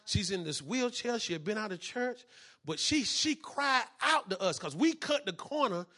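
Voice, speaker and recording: A man pastor preaching a sermon and telling a testimony in church, using call and response and building from quiet to loud. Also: high-pitched, expressive, moderate pace.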